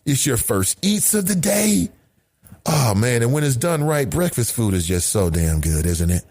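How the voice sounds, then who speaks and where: A man's voice: medium pitch, very animated, moderate pace, a little mellow. A middle-aged man delivers a solo commentary monologue with a voice that swings widely up and down. He sounds indignant and blunt, swears freely, and keeps hitting the listener with rhetorical questions. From United States. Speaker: podcast host.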